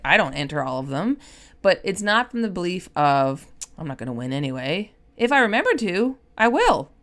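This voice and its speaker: Upbeat young woman, solo podcast host, highly animated pitch, playful quoted voices. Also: clear, resonant tone.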